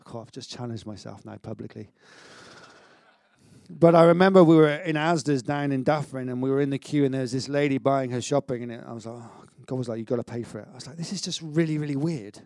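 A middle-aged man preaching a sermon in an energetic, conversational way, with stammered restarts and self-mocking humour. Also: mid-range voice, fast talker, no echo, clean studio sound. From Wales. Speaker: pastor.

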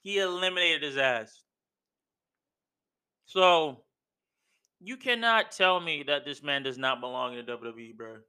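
A man's voice: a little high, unhurried, pauses often, pushed and bright, smooth. A man hosting a podcast who rants in an emphatic, slangy way, repeating himself and calling the listener "bro". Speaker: podcast host. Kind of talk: casual wrestling opinion rant.

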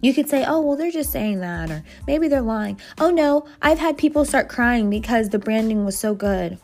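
Chatty higher-voiced woman podcaster. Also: faint music behind. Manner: lively, chatty, lists things quickly. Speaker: podcast host, brand designer. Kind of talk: casual solo podcast advice. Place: home office.

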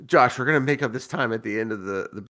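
A man's voice: mid-range voice, fast, sharp tone. A man co-hosting a podcast, telling a long story in a rambling, profane way and laughing a lot, and he is tipsy from drinking. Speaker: podcast co-host. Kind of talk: casual storytelling chat.

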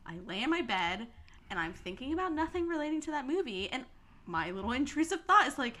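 A young woman co-hosting a podcast, telling stories in a lively, laughing way and swearing freely. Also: high voice, fast talker, noisy background. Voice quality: laughs often, swears freely, animated storytelling. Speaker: podcast co-host. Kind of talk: casual chat. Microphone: podcast mic.

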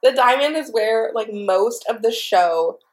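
A young woman hosting her own podcast, telling a story in an excitable, profane, breathless way. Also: a little high, unhurried. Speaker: podcast host. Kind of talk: casual storytelling monologue.

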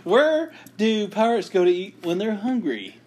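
British man with lively, crude comebacks. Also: high-pitched. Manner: quick crude comebacks, swears, laughs, hesitant fillers. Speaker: podcast co-host. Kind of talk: casual joke-trading chat.

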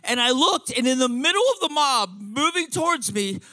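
A man in his fifties telling a comic story to an audience, excitable and profane, stumbling over restarts. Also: very high voice, normal speed, no room sound.

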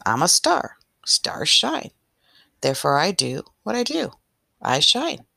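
A woman voicing a cheerful, proud star in a read-aloud story, with a bright, simple, earnest delivery. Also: on the low side, huge pitch swings, slow pace, vocal fry, no room sound, clean studio sound, full character voice.

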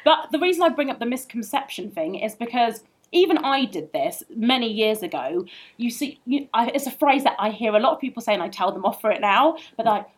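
A woman's voice: fairly high pitch, expressive, fairly quick. A woman hosting an interview, asking questions in an enthusiastic, chatty way. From born near Liverpool, raised elsewhere. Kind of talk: casual interview chat.

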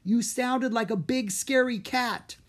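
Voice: medium pitch, slow pace, voice pushed up, lightly acted. A reader voicing an eager, friendly young boy dragon master in a storybook audiobook. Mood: excited. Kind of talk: audiobook character reading.

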